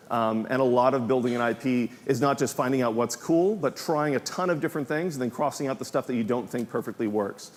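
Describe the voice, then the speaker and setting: A man rattles through a conference presentation at a brisk clip, dropping plenty of ums along the way. His mid-range voice carries a long reverb tail from a large hall. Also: medium pitch. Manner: fast, filler-heavy with frequent ums. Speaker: game developer giving a conference talk.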